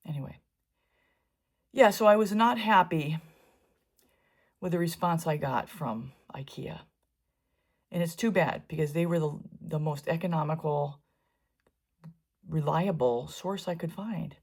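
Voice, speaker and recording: A woman's voice: low-pitched, unhurried, vocal fry, pauses often, slightly rough. A middle-aged woman talking her way through a painting tutorial in a chatty, wandering way, with asides while she works. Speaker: fluid art painter teaching. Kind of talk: casual painting tutorial narration.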